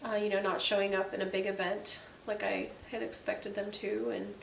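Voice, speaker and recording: This woman in her forties has a creaky, mid-range voice with little pitch movement and talks at normal speed. Co-hosting a casual faith-based chat, she tells stories in a warm, chatty manner laced with ums. An echoey room, distant mic, and faint hiss define the audio.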